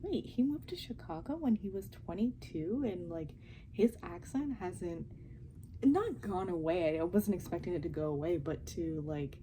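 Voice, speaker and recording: A young woman chatting casually and softly at home as she reacts to a TV show, often giggling. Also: lowish voice, animated, moderate pace, a little hiss or hum, poor audio. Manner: talking softly and quietly, giggly. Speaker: reaction vlogger. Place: home while family sleeps.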